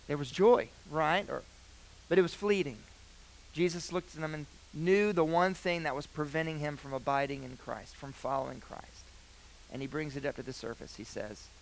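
A young man preaching a sermon, earnest, with loud emphatic phrases that drop to quiet, hushed lines. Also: on the high side, moderate pace, slight background noise, low-quality recording.

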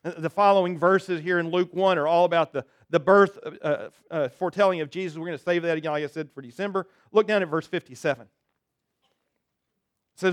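A man's voice: a little high, moderate pace, no room sound. A male pastor giving a conversational sermon, often acting out quotes and repeating words.

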